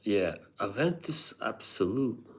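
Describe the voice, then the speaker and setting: A man's voice: lowish voice, big pitch swings, takes it slowly. A man live streaming, chatting casually with viewers, rambling, laughing often and reading chat aloud.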